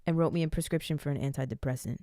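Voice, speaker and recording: Girl late 20s venting on her vlog, low voice, super blunt, swears a lot, dry sound. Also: fairly even intonation, very fast, warm tone, no echo. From United States. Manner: frank, swears freely, rambling asides. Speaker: vlogger. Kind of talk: candid casual storytelling.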